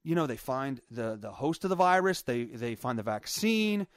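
Recorded dry with clean studio sound, a podcast host speaks in a mid-range, sing-song voice at normal speed. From his home basement, he rambles through a casual solo chat, using profanity and lots of fillers.

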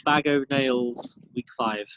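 A man's voice: mid-range voice, takes it slowly, very noisy. A young man co-hosting a casual comedy podcast, playful and dry in manner. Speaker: podcast co-host. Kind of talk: casual chat.

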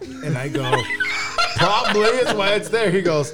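A high-pitched man trades stories on a casual podcast, cursing constantly and breaking into laughs. He voices the people in his story as he goes. Music plays loudly behind him. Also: wildly swooping pitch, unhurried. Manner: profane, laughing, acts out quotes. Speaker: podcast co-host.

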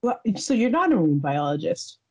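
A woman in her thirties hosting a podcast, chatting in a rambling, giggly, halting way. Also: deep voice, sing-song, darkish tone, poor audio. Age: 30s. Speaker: podcast host. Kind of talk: casual chat.

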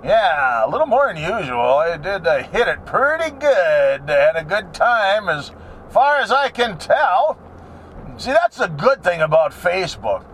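A man's voice: high-pitched, big pitch swings, unhurried, fairly bright tone. A middle-aged man rambling and cracking crude jokes as he talks to the camera while driving his car. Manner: joking, crude, wanders off topic. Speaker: vlogger. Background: faint road noise.

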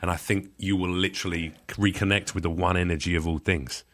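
A man with a somewhat low voice chats as a guest on a talk show. He is brash and jumps in eagerly, and he tosses out crude jokes. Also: steady tone, a little fast, fairly bright tone. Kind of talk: casual chat.

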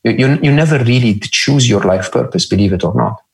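A man's voice: mid-range voice, a little fast, gravelly. A middle-aged man as a podcast guest, speaking reflectively, often repeating words and checking in with "right?". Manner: thoughtful, repeats words, frequent "right?" and "hmm?". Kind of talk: reflective interview talk.

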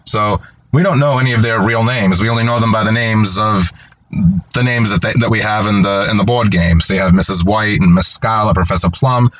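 A man's voice: lowish voice, a bit bright, highs cut off. A man casually retelling a movie's plot as an enthusiastic storyteller. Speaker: film reviewer. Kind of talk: casual film recap.

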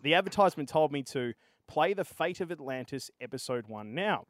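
An Australian man hosting a casual gaming podcast, out of breath and energetic. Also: a little high, a little fast, no echo, clean studio sound. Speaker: podcast host.

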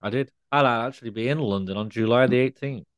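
A man's voice: medium pitch, fast. A young adult man co-hosting a podcast, bantering casually and correcting details. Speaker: podcast co-host. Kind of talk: casual chat.

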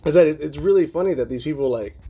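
Male podcast host from Southern California, husky voice, casual and profane, lots of fillers. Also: a little high, quick pace, mellow. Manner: loose and profane, full of fillers, laughs often. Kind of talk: casual podcast chat reading listener emails.

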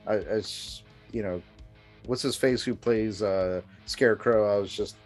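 A man's voice: fairly low pitch, measured pace, soft background music. Hesitant man in casual podcast chat. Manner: hesitant, full of fillers and restarts, laughs along. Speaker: podcast co-host.

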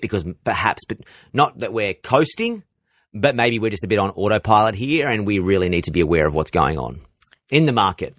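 A man's voice: lowish voice, lively intonation, brisk, dry recording, studio quality. An Australian man, a radio presenter, answering interview questions with lots of energy, repeating words and restarting sentences. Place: radio station office.

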